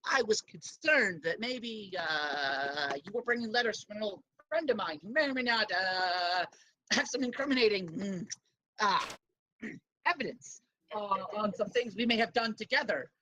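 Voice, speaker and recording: A woman's voice: mid-range voice, animated, measured pace, pushed and bright, slight background noise, low-quality recording. A woman voicing a sly, tiny male thief guildmaster who talks in a hesitant, wheedling, conspiratorial way.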